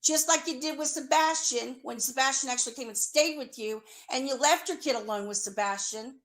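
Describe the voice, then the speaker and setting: A woman with a high voice tears into someone in a furious, confrontational rant. She is accusatory and sarcastic, and she swears freely. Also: fairly quick, a bit bright.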